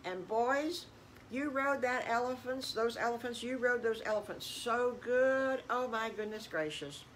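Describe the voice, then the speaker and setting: A woman's voice: fairly high pitch, animated, a little slow, slight background noise, pitched above the performer's own voice, rough recording. An older woman voicing a kindly male circus boss who gushes with praise for the children. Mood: praising. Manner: warm, gushing praise.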